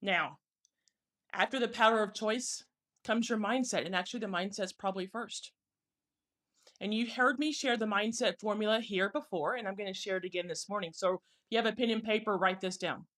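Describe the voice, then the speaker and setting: A woman career coach giving an encouraging motivational talk to camera, slowing down to stress key phrases. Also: medium pitch, a bit bright.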